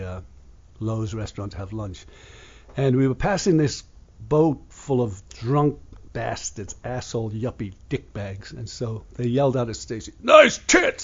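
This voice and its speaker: A man's voice: medium pitch, warm tone, breathy edge, highs cut off. An older man from England hosting a radio show, talking in a blunt, profane, rambling way.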